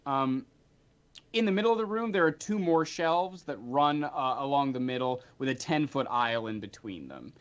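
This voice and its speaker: Male game master, animated pitch, narrates a tabletop game in a dull lo-fi recording. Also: normal speed. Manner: animated, chatty narration with frequent filler ums.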